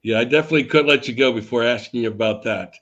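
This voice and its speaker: A man's voice: mid-range voice, racing, a bit bright, muffled recording. A man hosting an interview, amused and chuckling as he wraps up a story. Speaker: interview host. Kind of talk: casual interview chat.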